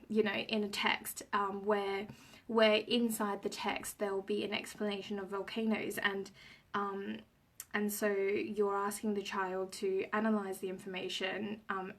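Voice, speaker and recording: A woman's voice: medium pitch, a bit bright, recorded from a distance. A woman teacher explaining reading questions to parents in a casual live stream, with many ums and restarts. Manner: rambling, frequent ums and restarts.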